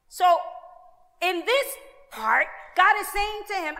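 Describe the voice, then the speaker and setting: A woman pastor preaching a lively sermon, acting out quoted voices with asides to the congregation. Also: extremely high pitch, slow pace, long pauses, long reverb tail.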